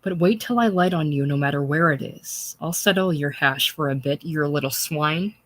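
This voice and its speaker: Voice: mid-range voice, moderate pace, a bit bright, no room sound, close to an everyday voice. A reader voicing a burly, drunken male smith who threatens in coarse dialect. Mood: threatening.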